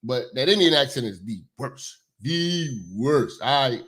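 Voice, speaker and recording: A man's voice: mid-range voice, animated, normal speed, a bit bright. Blunt, rambling male commentator. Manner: blunt, profane, rambling with many fillers. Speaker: commentary show host. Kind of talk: casual opinion commentary.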